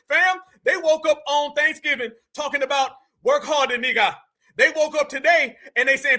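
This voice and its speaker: An American man hosting reaction commentary, animated and loud, slangy and mocking, often shouting. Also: very high-pitched, moderate pace. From United States. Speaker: commentary channel host.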